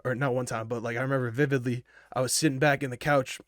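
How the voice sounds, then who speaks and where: A man's voice: medium pitch, steady tone, fast talker, fairly bright tone, no echo, studio quality. A young man casually telling a personal story, rambling and swearing a lot, full of fillers, wired on energy drinks. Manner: rambling and profane, with many fillers.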